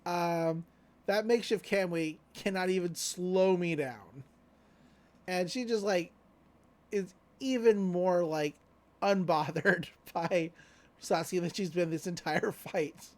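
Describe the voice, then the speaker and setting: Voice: mid-range voice, slow, a little mellow. A podcast co-host casually retelling an anime episode, laid-back and loose with lots of fillers and offhand paraphrased quotes. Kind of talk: casual recap chat.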